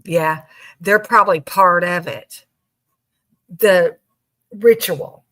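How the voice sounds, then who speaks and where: Slow-talking woman podcast host. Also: fairly low pitch, fairly bright tone. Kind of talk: casual true-crime discussion.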